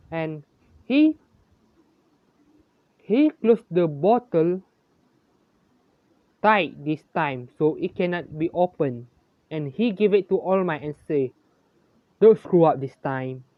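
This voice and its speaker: Amateur narrator for a fan story, halting and self-correcting, lively in pitch, slow. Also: no echo. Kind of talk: reading a homemade fan story aloud. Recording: dull, lo-fi, dry.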